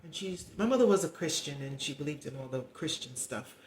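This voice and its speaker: A woman's voice: sits low, animated, fairly quick, roomy sound, a little hiss or hum. A middle-aged woman talking candidly to camera in a rambling, heartfelt, confiding way. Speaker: vlogger. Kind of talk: candid personal vlog talk.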